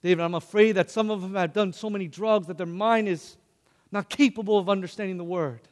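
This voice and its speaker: A man's voice: high voice, fairly even intonation, fairly quick, big-room sound, lightly acted. A man quoting a frail devout grandmother. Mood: pleading.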